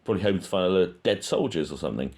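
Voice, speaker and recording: A man with a low, deep voice speaks in a loose, unscripted monologue. He thinks aloud and hesitates often, filling the pauses with ums as he weighs his points. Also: expressive, darkish tone. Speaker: true-crime channel host. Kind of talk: casual spoken monologue.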